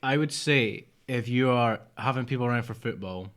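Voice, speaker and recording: A man's voice: medium pitch, normal speed, a bit bright. A man, co-hosting a casual podcast chat, rambling and dropping into mutters. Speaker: podcast co-host.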